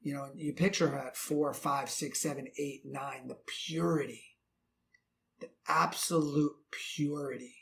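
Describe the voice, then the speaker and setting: A man's voice: on the high side, fairly even intonation, measured pace, creaky, fairly bright tone. A man giving earnest relationship advice to other men, preachy and repeating phrases for emphasis. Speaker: relationship coach.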